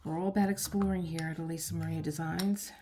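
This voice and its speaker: A woman's voice: low voice, fairly even intonation, fast, dark tone, soft background music. A woman vlogger chatting casually to her viewers as she works on a diamond painting, rambling and talking to herself along the way. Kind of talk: casual chat while crafting.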